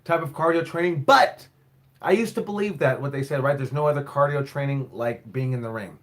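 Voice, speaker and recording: A man's voice: medium pitch, quick pace. A man who owns and coaches a wrestling school, answering viewer questions in a casual live stream, rambling, repeating himself and swearing now and then.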